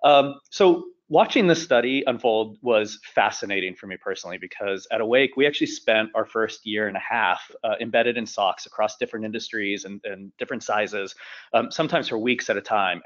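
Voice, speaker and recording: A man presenting slides as a webinar panelist, talking quickly with lots of fillers. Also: on the low side, a bit bright. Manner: fast, rushed delivery with frequent fillers. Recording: dull lo-fi webinar audio.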